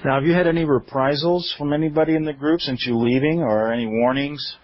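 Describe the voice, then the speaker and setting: A man's voice: a little high, fairly even intonation, quick pace, no echo. Male radio host, mid voice, encouraging questions, dull dry broadcast audio. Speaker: radio talk show host. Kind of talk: radio interview.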